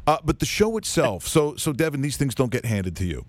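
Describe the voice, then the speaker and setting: A man's voice: mid-range voice, sing-song, brisk, no echo. A male radio host who interviews a guest in an eager, rambling way, with many restarts. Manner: enthusiastic, rambling, lots of restarts.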